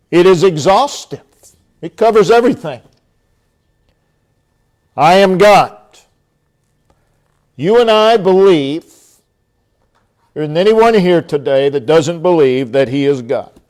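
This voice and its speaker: Delivering a sermon as pastor, a man speaks emphatically and pauses at length for drama. His voice goes low and quiet when he quotes God.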